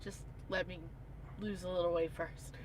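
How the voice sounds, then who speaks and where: Woman, calm and reflective livestream co-host. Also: fairly low pitch, normal speed, background noise. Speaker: vlog co-host. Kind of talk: casual livestream chat.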